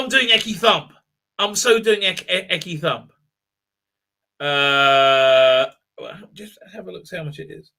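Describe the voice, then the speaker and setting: A middle-aged man chatting on a live stream, rambling from one comment to the next with plenty of ums and laughs. His voice is very bright and a little high for a man, and it jumps up when he gets excited. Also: moderate pace. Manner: excitable, rambling, laughs often, many fillers. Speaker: livestream host reading chat. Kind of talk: casual live chat.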